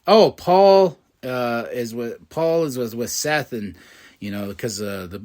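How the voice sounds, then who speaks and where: A man hosting a podcast in a casual, excitable recap, laughing often and acting out quotes. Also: mid-range voice. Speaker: podcast host recapping wrestling.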